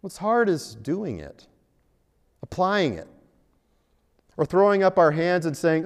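Earnest preacher in an echoing hall. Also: male voice, high voice, very animated, takes it slowly, long pauses. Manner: earnest, rhetorical questions, stresses key phrases. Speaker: pastor. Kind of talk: sermon. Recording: echoey hall.

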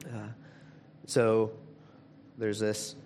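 A man preaching a sermon in a conversational way, with frequent restarts, who grows animated when he retells a story. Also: on the low side, very slow, slight background noise. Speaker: pastor.

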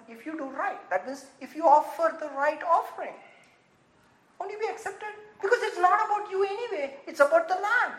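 A pastor preaching a sermon in an animated way, often laughing and acting out little dialogues. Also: high-pitched, echoey room, low-quality recording.

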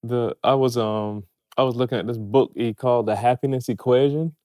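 A man co-hosting a podcast, speaking in a quick, conversational way and summing up ideas. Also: mid-range voice, fairly even intonation, warm tone, no echo, clean studio sound. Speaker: podcast co-host. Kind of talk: casual podcast talk.

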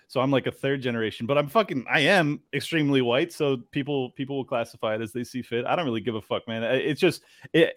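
A man's voice: mid-range voice, dry recording, clean studio sound. A man co-hosting a casual talk show, making his points in an emphatic, opinionated way and swearing casually. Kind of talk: casual podcast chat.

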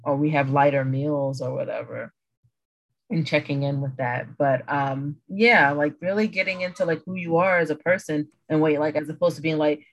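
Woman, podcast host, casual rambling chat, gravelly voice, dry sound, call from home. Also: deep voice, moderate pace, no room sound, poor audio. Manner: rambling, heavy use of "like", self-correcting. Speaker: podcast host, homeschooling parent. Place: at home, kids nearby. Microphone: video or audio call.

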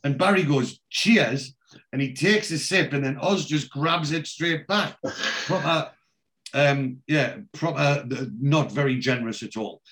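A man's voice: on the high side, measured pace, fairly bright tone. A man co-hosting a casual chat, retelling scenes and quoting characters with lots of fillers and restarts. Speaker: podcast co-host recapping a TV episode.

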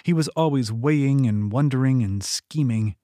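A man reading a fantasy novel aloud in a steady storytelling manner. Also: moderate pace, no echo, clean studio sound. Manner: steady storytelling read, lifting pitch for quoted characters. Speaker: audiobook narrator. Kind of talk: scripted narration.

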